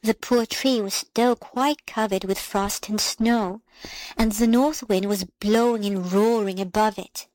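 A woman reads a fairy tale aloud in a calm, measured storybook style. Her voice sits in a middle pitch. The recording is dry and close, with no room sound around her. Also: no room sound, low-quality recording. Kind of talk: storybook reading.

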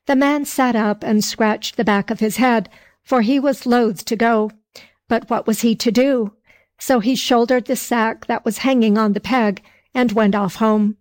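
A woman narrating a folk tale in a slow storybook reading with old-fashioned phrasing. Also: fairly high pitch, fairly even intonation, a little mellow.

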